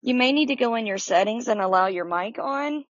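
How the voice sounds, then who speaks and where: A woman's voice: on the high side, lively intonation, fairly quick, dry recording. A woman hosting a Bible study in a chatty, welcoming way, greeting listeners by name. She is recording outdoors in the sun. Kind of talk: casual chat. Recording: dry, slightly dull lo-fi audio.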